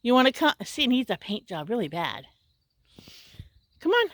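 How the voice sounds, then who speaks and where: A woman's voice: big pitch swings, fairly quick, no room sound. A woman, chatting casually in a vlog outdoors by her house and talking to her dogs. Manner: chatty, talks to her dogs in a high baby voice. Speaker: vlogger. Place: outdoors around a country house.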